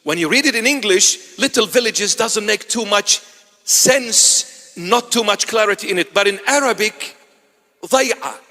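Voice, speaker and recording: A man, a bishop and native Assyrian speaker, preaching a sermon in a church, animated, with teasing asides to his congregation. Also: high-pitched, normal speed, in a large hall.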